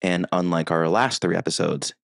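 A man co-hosts a book podcast, relaxed and working loosely from a script. His voice is very deep and sounds dry and close to the mic. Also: moderate pace, vocal fry, no room sound. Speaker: podcast co-host. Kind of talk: podcast interview.

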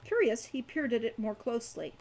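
Woman, author reading a novel aloud, measured, expressive, fairly high voice. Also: poor audio.

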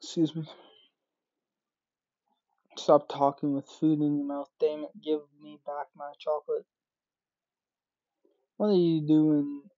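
Slow dark-voiced game narrator, dry lo-fi. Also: mid-range voice, level tone, dry recording. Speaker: gaming YouTuber voicing game characters. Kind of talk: game playthrough with read-aloud dialogue.

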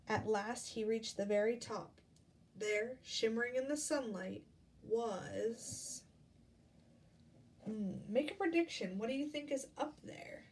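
Slow, gentle woman reading a picture book. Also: a little high. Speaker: storyteller reading to children. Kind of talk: picture-book read-aloud with questions. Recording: distant mic, faint ambience.

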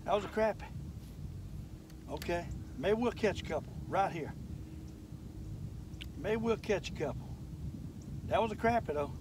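Older guy on a boat, high voice, folksy and chatty, boat noise, bit far off. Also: a little slow, long pauses. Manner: folksy, excitable, talks straight to viewers. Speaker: fishing channel host. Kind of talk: casual fishing vlog narration. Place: outdoors on a boat on a lake. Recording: outdoor boat noise, mic at a distance.

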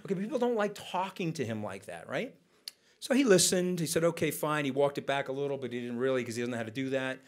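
A man tells stories from a conference stage. His delivery is animated and conversational. He slips into other people's voices to act out quotes as he goes. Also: medium pitch, quick pace. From United States. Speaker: guest speaker. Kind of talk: onstage storytelling conversation.

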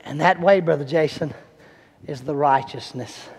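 A man preaching a Baptist evening sermon, swelling from hushed storytelling to fervent shouting. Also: on the high side, normal speed, slightly rough. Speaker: guest preacher. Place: church sanctuary. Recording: long church reverb.

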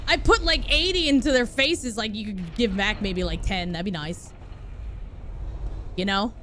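A woman streaming a video game live, chatting with viewers, swearing and yelling at enemies. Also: mid-range voice, measured pace, a little hiss or hum. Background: game music.

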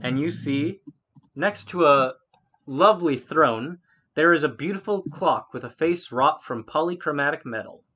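A woman's voice: low-pitched, expressive, normal speed, fairly bright tone, slight background noise. A woman narrating as game master in a casual, laughing, sometimes swearing way. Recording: muffled lo-fi audio.

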